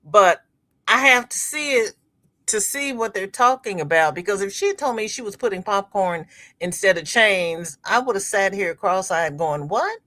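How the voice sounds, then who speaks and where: With a mid-range voice at an ordinary speed, a middle-aged woman hosts a relaxed crochet livestream. She reads viewer comments, chats, tells stories with lively energy, and laughs a lot.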